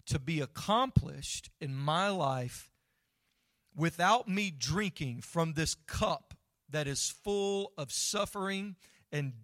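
A man doing an overwhelmed praying man, soft, pleading, higher voice, dry sound. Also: vocal fry, no echo. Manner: quiet, earnest paraphrase.

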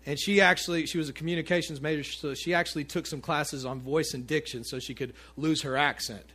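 A man preaching a sermon to his congregation in a conversational, animated way, with asides to the listeners. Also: fairly high pitch, a little fast, soft background music. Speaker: pastor.

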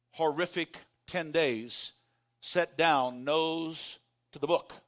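A man preaching a sermon as pastor, calling on the congregation to repeat lines after him and swinging from hushed tones to shouts. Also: fairly high pitch. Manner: calls for congregation responses.

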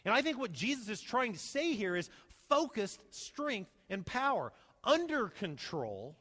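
A man preaching a sermon as pastor, animated, swinging between loud emphasis and soft, slow asides. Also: high voice, big-room sound. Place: church sanctuary.

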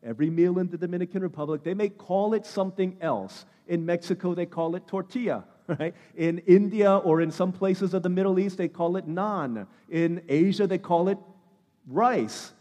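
A man with a high voice preaches a sermon. He talks to the congregation in a conversational, emphatic way, pressing on key words and then dropping to a hushed low. His voice rings with the long reverb of a church hall. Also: normal speed. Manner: conversational, emphatic preaching that swings between loud stress and hushed lows. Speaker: pastor.

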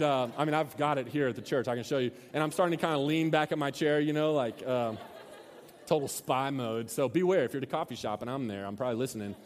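In a church hall with long reverb, a youth pastor in his thirties preaches a casual sermon, telling a story full of restarts and asides. His voice sits at medium pitch, and there's a slight hiss or hum on the recording.

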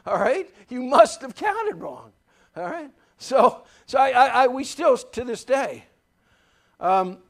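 A man preaching a sermon as pastor, emphatic and folksy, repeating key phrases and telling stories from his own life. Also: extremely high pitch. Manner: folksy, tells personal anecdotes.

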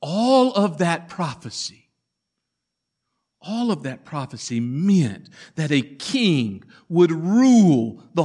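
High-voiced preacher telling a dramatic story. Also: male voice. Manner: dramatic storytelling, swinging from loud to hushed. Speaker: pastor. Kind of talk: sermon.

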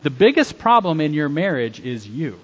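A middle-aged man preaching a sermon as a pastor, swinging between loud exhortation and quiet, soft-spoken asides. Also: fairly high pitch, big pitch swings, moderate pace, lo-fi sound.

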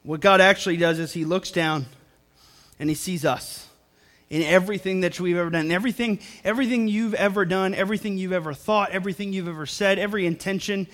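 Young guy pastor preaching in church, kinda high voice, earnest, keeps repeating himself for emphasis. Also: fairly even intonation, quick pace, a bit bright. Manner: earnest, repeats phrases for emphasis, talks to the congregation. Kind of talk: sermon. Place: church service before a congregation.

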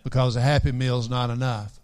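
A man's voice: mid-range voice, little pitch movement, a little fast, darkish tone, smooth. A man preaching a sermon, earnestly repeating key phrases for emphasis and quoting scripture in old-fashioned wording. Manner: quotes scripture in King James wording.

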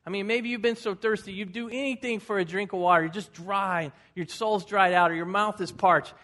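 A man's voice: high voice, steady tone, brisk, pushed and bright. A man in his fifties, a pastor giving a folksy, conversational sermon with personal stories.

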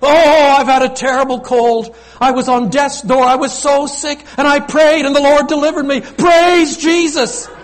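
A man's voice: very high-pitched, steady tone, normal speed, few pauses, pitched above the performer's own voice. A man putting on the voice of an overexcited charismatic churchgoing man who gushes in breathless exclamations. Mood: gushing.

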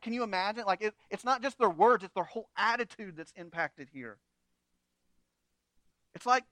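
Pastor guy preaching casual and funny, high bright voice, dry close sound. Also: no echo. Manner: conversational, animated, with humor and asides. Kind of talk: sermon.

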